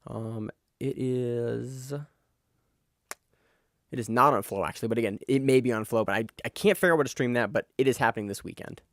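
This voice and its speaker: A man co-hosting a podcast, chatting casually and excitably about grappling events, swearing now and then. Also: mid-range voice, a little fast, no echo, studio quality. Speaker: podcast co-host. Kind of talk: casual sports chat.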